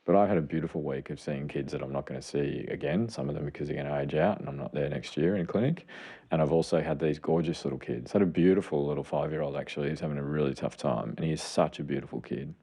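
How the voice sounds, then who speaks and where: A man's voice: rumbling low, fast, few pauses, warm tone, slightly rough. A middle-aged man, a podcast co-host and clinician, explaining parenting steps in an earnest, enthusiastic way. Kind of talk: casual chat.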